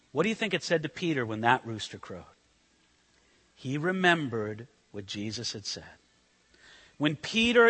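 A male pastor delivers a sermon in a bright, sharp voice that climbs high and dips low. He swings from loud emphasis to hushed intensity. His voice carries a long reverb, as if in a large hall.

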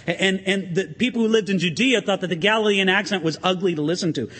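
A pastor preaching an animated sermon in a church, asking the congregation questions and swinging his emphasis up and down. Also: sits high, fast talker, in a large hall.

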